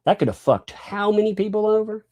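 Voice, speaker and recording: A man's voice: high-pitched, lively intonation, a little fast, darkish tone, no room sound. A man hosting a livestream, ranting in a combative, mocking way and swearing freely. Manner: combative, mocking, swears, laughs between lines. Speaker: livestream host.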